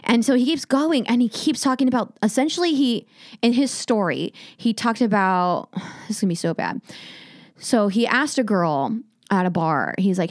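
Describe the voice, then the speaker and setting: A woman's voice: mid-range voice, normal speed, dry recording, clean studio sound. A woman comedian chatting casually, telling a long profane story and acting out what people said. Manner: profane storytelling, acts out quotes. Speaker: stand-up comedian. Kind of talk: casual podcast chat.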